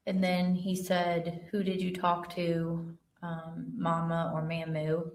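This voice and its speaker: A woman with a very low voice testifies as an investigator, reading text messages aloud in a plain, steady way and pausing on fillers. She is picked up from a distance in a roomy, echoing courtroom. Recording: roomy courtroom audio from far off.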